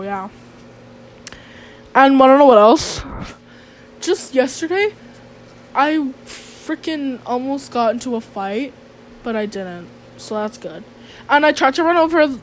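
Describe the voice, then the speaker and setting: A woman with a high, bright voice tells a casual storytime vlog. She rambles, swears freely and drips sarcasm. Faint background noise hums under her. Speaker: vlogger.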